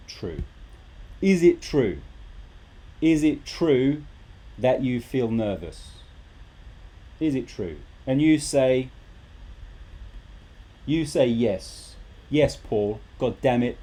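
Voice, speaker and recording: A man's voice: mid-range voice, dark tone, husky. A man teaching a live English lesson, talking animatedly and repeating rhetorical questions to his students.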